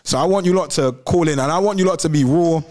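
Young co-host, rapid slangy banter, slightly high voice. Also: male voice, a little mellow. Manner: slangy, fast, ends lines with "bruv". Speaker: co-host of a call-in show. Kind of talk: casual banter.

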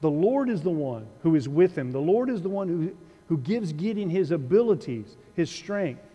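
A man's voice: fairly high pitch, big pitch swings, normal speed, dark tone, in a large hall. A male pastor preaching a sermon in a conversational, dryly humorous way, with a sarcastic wit. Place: church sanctuary.

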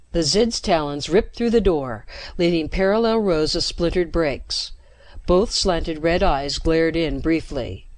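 A woman narrating a science fiction story with steady, dramatic pacing into a close mic. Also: low-pitched, unhurried, no room sound. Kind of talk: scripted narration.

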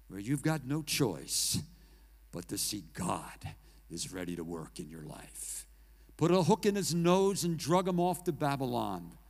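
Dramatic slow-preaching male pastor. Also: medium pitch, vocal fry. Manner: dramatic, swings from loud declaring to hushed near-whisper; asks the congregation questions. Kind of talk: sermon.

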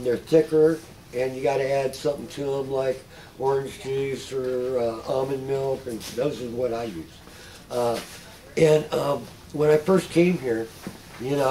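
A man's voice: on the high side, a little mellow, poor audio. A middle-aged man talking to a group in a casual, folksy way, telling anecdotes and often chuckling. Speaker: patient speaker. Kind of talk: casual storytelling talk.

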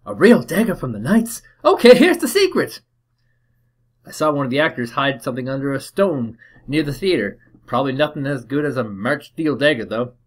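A man's voice: mid-range voice, big pitch swings, normal speed. A man voicing a scrappy seven-year-old homeless boy in a put-on Cockney accent, chattering and pleading in a game. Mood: excited.

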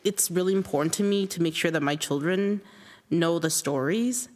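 A woman telling a personal story in a reflective, halting, earnest way. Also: fairly low pitch, darkish tone, long reverb tail. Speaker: interviewed writer.

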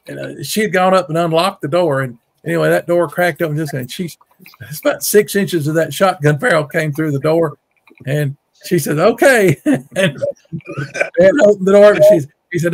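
A gravelly-voiced guest storyteller who researches Bigfoot relates a long, meandering tale at home on his rural farm. He's a middle-aged man from Mississippi with a drawl, his voice a little high for a man, and he folksily doubles back on what he says. His voice climbs higher whenever he acts out someone's quotes.

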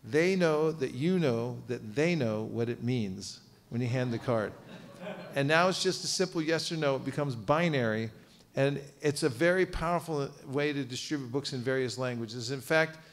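A man leading a lively seminar for a live audience, playful and animated, getting the room to repeat phrases after him. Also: mid-range voice, normal speed. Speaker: seminar teacher on book distribution. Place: seminar room at a cultural center.

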